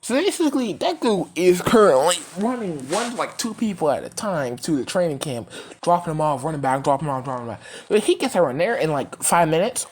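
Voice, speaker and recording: Low-pitched woman narrator, loose and rambling, curses freely, casual fan storyteller. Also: big pitch swings, brisk, darkish tone, husky. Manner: rambling, filler-heavy, cursing, laughing.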